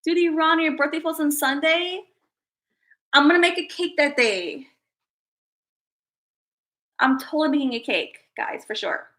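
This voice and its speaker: A young woman hosting a casual livestream, bubbly and excitable, chatting to her viewers. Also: sits high, measured pace, long pauses. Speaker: livestream host.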